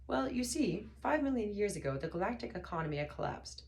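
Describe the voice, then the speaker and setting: A woman's voice: mid-range voice, big pitch swings, creaky, voice pushed up. A woman voicing an elderly male planet builder, mild, wistful and vague, in an audiobook reading. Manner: gentle, slow, distracted speech with sudden sternness.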